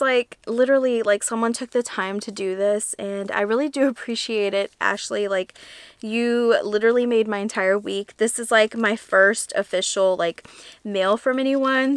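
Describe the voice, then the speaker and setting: A woman's voice: medium pitch, fairly bright tone, clean tone, dry recording. A young woman vlogging casually about her crochet work and mail from fans, chatty and gushing, with lots of fillers and a teary edge. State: teary, emotional. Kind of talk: casual vlog chat.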